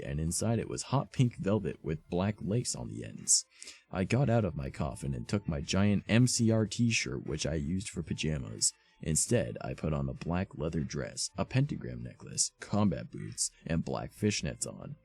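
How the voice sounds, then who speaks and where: A man with an extremely low, gravelly voice reads fanfiction on a live stream at home. His husky delivery swings up and down as he breaks off for sarcastic asides. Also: big pitch swings, normal speed, a little mellow, soft background music. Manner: sarcastic asides between dramatic readings.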